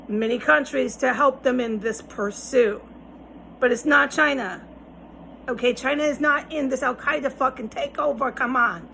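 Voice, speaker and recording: A woman speaks directly to her audience in a long, rambling monologue. Her voice sits fairly high and she swears freely, pressing each point with insistent, lecturing emphasis. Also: fairly bright tone, a little hiss or hum, rough recording. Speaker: vlogger.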